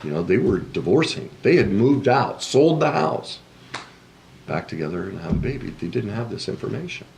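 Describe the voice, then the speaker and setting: A man's voice: fairly low pitch, big pitch swings, normal speed, creaky, darkish tone, slight background noise. A man speaking as a relationship coach in a podcast interview, explaining things in an earnest, emphatic way.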